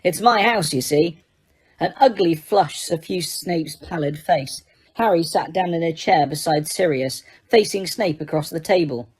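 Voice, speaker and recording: A woman narrating an audiobook in a steady storytelling manner, with the odd small slip. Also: low-pitched, moderate pace, slightly rough. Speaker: audiobook reader.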